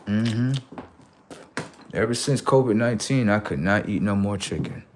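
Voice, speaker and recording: A man hosting a livestream, telling casual stories to his viewers in an animated way, swearing freely and acting out voices. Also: on the low side, normal speed, a little hiss or hum. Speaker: livestream host.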